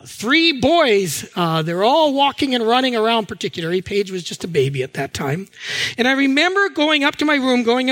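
A man's voice: very high-pitched, animated, fairly quick, fairly bright tone. A middle-aged male pastor preaching a sermon, telling stories and acting out the people in them. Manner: storytelling, acts out anecdotes with voices.

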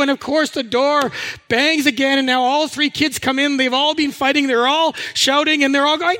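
A man's voice: very high voice, steady tone, normal speed, pushed and bright. A middle-aged male pastor preaching a sermon, telling stories and acting out the people in them. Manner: storytelling, acts out anecdotes with voices.

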